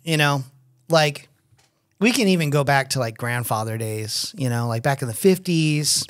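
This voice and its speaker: A middle-aged man co-hosting a casual podcast, swearing freely and telling animated stories. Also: mid-range voice, normal speed. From United States. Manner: crude, swears a lot, animated storyteller. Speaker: podcast co-host. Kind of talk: casual chat.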